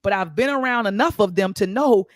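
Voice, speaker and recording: A woman hosting a talk show, telling stories in an animated way and repeating words for emphasis. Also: medium pitch, brisk, dry recording, studio quality. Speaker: host. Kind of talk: casual talk-show discussion.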